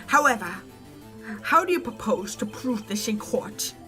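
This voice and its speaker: A cold, arrogant older prosecutor who talks down to the court in clipped lines, as a woman reads him during a game playthrough. Her voice stays high and lively, with faint music underneath. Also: measured pace, exaggerated voice. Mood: condescending. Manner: condescending, clipped.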